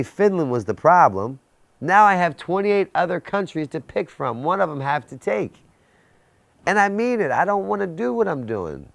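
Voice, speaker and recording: A man's voice: on the high side, creaky, no echo. A man in his thirties giving an intense personal testimony about addiction and recovery, building his story with rhetorical questions. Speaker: recovery speaker.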